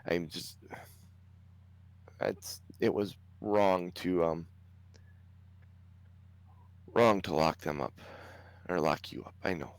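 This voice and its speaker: Timid gnome king, halting and apologetic, a man playing him. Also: deep voice, gravelly, exaggerated voice. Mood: remorseful.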